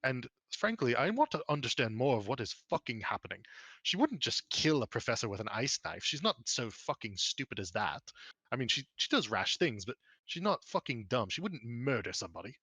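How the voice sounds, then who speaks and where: A man voicing a stern, formal noble father who speaks in a measured, blunt way. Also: mid-range voice, big pitch swings, pushed and bright, husky, no room sound, full character voice.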